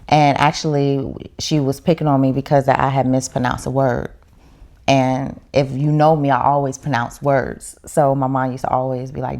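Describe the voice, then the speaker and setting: Very low, gravelly-voiced woman. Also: little pitch movement, normal speed, a little mellow. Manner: heartfelt, reflective storytelling. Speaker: podcast guest. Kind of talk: casual chat.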